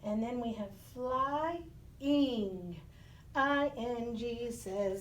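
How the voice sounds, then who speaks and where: Distant, roomy-sounding woman teacher, high and slow. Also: slight background noise. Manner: patient, sing-song phonics chants. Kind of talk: recorded math lesson for young children. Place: home. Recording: roomy echo, recorded from a distance.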